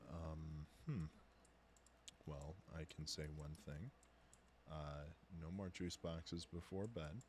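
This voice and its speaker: A man's voice: extremely low pitch, wildly swooping pitch, very slow, long pauses, a bit bright, exaggerated voice. A man voicing a blunt, sarcastic male vampire in a tabletop game, talking in an exasperated, swearing way.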